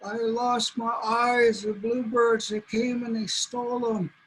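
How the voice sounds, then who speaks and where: A man's voice: very high-pitched, flat delivery, takes it slowly, a bit bright, a little hiss or hum, voice pushed up, full character voice, poor audio. A man voicing a pitiful blind male coyote trickster in a storytelling, pleading and whiny.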